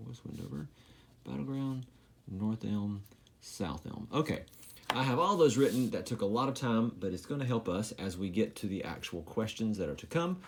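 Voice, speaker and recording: Low-voiced man teaching math. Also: vocal fry, a little mellow, a little hiss or hum. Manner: self-deprecating, joking asides while writing. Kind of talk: recorded math lesson.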